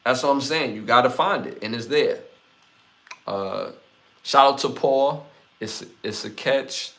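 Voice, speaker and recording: A man with a Brooklyn accent hosting a casual live podcast, reading out chat comments and giving shout-outs in a laid-back way. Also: medium pitch, a little slow. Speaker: podcast host.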